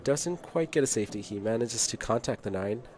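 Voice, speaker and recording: A man giving steady play-by-play of a pool match on a casual live stream and reading viewer chat aloud. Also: mid-range voice, fairly quick.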